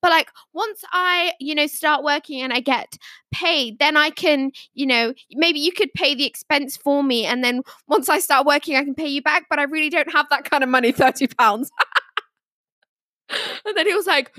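A woman's voice: high-pitched, moderate pace, bright, forceful tone, no echo, studio quality. A woman podcast host telling stories in casual chat, with lots of fillers and laughter. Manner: chatty, laughs often, many fillers.

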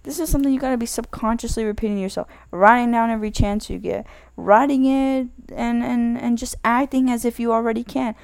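Gravelly-voiced woman rambling casually. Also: fairly high pitch, fairly even intonation, a little fast, darkish tone, no echo. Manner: rambling, self-correcting, many "like" fillers. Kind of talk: casual advice monologue.

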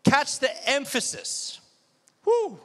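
A pastor leads a spirited sermon in a very high, sing-song voice that is slow and fairly bright, calling for the congregation to repeat after him. The recording carries long hall reverb.

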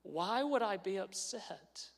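A man's voice: high voice, lively intonation, slow, gravelly, pitched above the performer's own voice, heavily acted. A man voicing a fervent, elated fisherman's wife. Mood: elated, insistent. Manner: rising, impassioned pleading. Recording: long hall reverb.

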